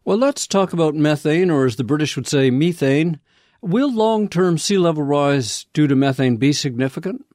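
Man asking measured interview questions. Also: a little high, expressive, darkish tone, no room sound, clean studio sound. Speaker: interviewer host.

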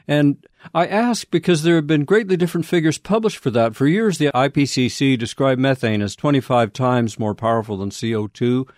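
A male interviewer posing prepared, measured questions to a guest. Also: mid-range voice, a little mellow, no echo, clean studio sound. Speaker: interviewer host.

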